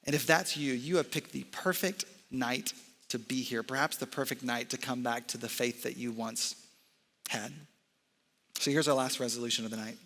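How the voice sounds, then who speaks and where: A young man, a college ministry director, giving an animated sermon full of jokes and off-script asides on a stage microphone in a large church hall. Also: medium pitch, moderate pace. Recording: long hall reverb.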